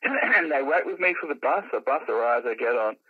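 Animated older raconteur, husky. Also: male voice, medium pitch, brisk, no room sound, narrow, tinny audio. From London. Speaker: podcast guest, musician and comedian. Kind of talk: anecdotal storytelling in casual chat.

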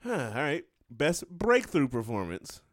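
A man co-hosting a relaxed podcast chat, his voice rising and falling a lot as he reads through lists in a playful, joking way. He laughs often. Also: fairly high pitch, measured pace, no room sound, studio quality. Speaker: podcast co-host.

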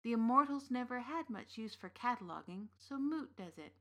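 A woman reading the part of a big, gently knowing uncle from the fairy realm in an audiobook story. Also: fairly high pitch, lively intonation, moderate pace, pitched above the performer's own voice. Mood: calm. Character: big warm Irish uncle, old fairy king's son.

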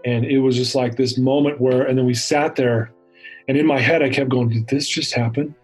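A man recounting a personal story in an interview, animated and acting out the dialogue. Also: medium pitch, normal speed, slightly rough, faint music behind, low-quality recording. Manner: animated retelling with acted-out dialogue. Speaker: interview guest.

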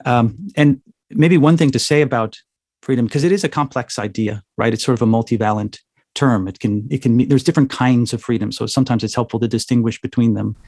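A man's voice: medium pitch, fairly even intonation, fairly quick, a little mellow, no echo, clean studio sound. Thoughtful man explaining ideas. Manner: thoughtful, lecturing, says "right?" often. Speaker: guest. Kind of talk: interview answer, explanatory.

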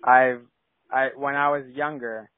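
A man's voice: mid-range voice, level tone, unhurried, dry recording. A young man from San Diego, a filmmaker guest, talking casually and rambling with lots of "like" and restarts. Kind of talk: casual interview chat. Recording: tinny phone-like line.

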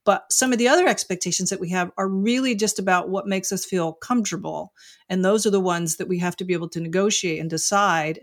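A middle-aged woman, an author and marriage coach, talking frankly and reflectively as an interview guest, often saying "you know" and "like". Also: on the low side. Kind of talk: candid interview conversation.

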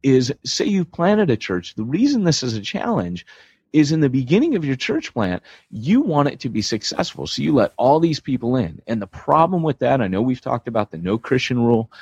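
A man's voice: mid-range voice, moderate pace, breathy edge, no echo, muffled recording. An American man co-hosting a church planting podcast, talking casually and joking as he explains his point. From United States. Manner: animated, joking, restarts a lot.

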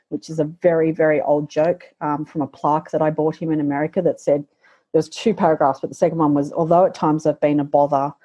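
A middle-aged woman telling a personal story in conversation as a guest, halting and reflective, with frequent pauses and restarts. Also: sits low, warm tone, slightly rough, muffled recording.

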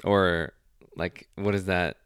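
A man's voice: deep voice, little pitch movement, takes it slowly, a bit bright, clear, resonant tone, no room sound, clean studio sound. A man hosting a casual chat, asking hesitant, probing questions.

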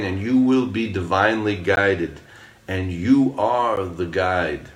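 A man's voice: on the low side, slow. A man giving an earnest, rambling spiritual talk and telling a parable. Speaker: spiritual speaker.

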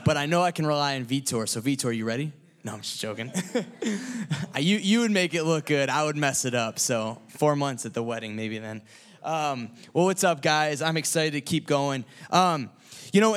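A man with a notably high voice delivers a sermon to a church gathering. He talks casually, jokes with people in the room, and rises into loud, emphatic peaks. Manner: animated, joking, builds to loud emphatic peaks. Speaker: church speaker.

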